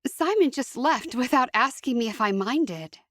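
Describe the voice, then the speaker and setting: A woman voices an indignant young Amish sister, speaking a bit loudly at a moderate pace in a fairly high, animated, fairly bright voice pitched above her own. The sound is clean studio audio with no room sound.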